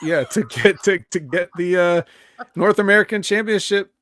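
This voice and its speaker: A man co-hosting a wrestling podcast over a remote call, recapping matches in a halting way with fillers. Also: high voice, a bit bright, dry recording, studio quality. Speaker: podcast co-host.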